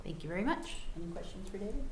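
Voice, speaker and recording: A woman's voice: medium pitch, expressive. Woman chairing a town meeting. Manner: brisk, procedural, lightly joking. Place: town office meeting room. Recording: echoey room, faint hum.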